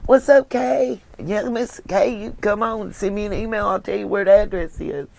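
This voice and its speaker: A woman's voice: mid-range voice, fairly even intonation, moderate pace, gravelly, a little mellow. Chatty Southern woman livestreaming. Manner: chatty, emotional, thanks viewers by name. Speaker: livestream host reading viewer comments. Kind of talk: casual chat.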